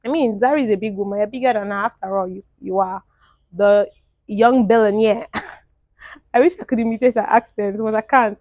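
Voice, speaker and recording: A young woman, giving animated, opinionated casual commentary as a show reviewer and laughing often. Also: mid-range voice, no room sound.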